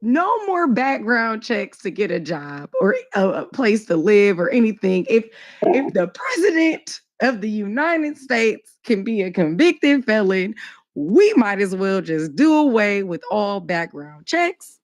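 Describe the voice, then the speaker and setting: A woman speaking on a casual discussion panel, her voice at a middle pitch. She talks in an animated, sarcastic, emphatic way, and the sound is close and dry. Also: measured pace, dry recording. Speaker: debate panelist.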